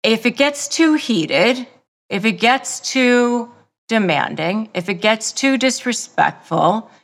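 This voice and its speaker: A woman hosting a self-help podcast, talking straight to the listener in a deliberate way and repeating key phrases for emphasis. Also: fairly high pitch, animated. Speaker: podcast host. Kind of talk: self-help advice monologue.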